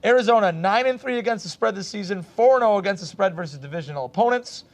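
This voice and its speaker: A man's voice: high-pitched, animated, quick pace. A man hosting a casual sports show, reading betting stats between laughs. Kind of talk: casual sports picks chat. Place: student access radio studio.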